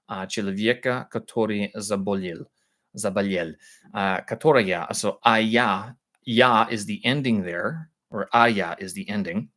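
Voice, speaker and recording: A man on a live stream, thinking aloud with halting speech as he explains language points to his viewers. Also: medium pitch, sharp tone. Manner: halting, searching for words with many pauses.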